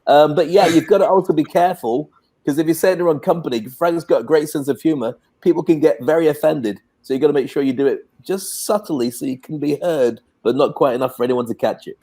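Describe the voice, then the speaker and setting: Brief: British male co-host, slightly higher voice, relaxed self-mocking chat. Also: fast talker. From Britain. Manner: self-deprecating, warm storytelling. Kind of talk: casual chat.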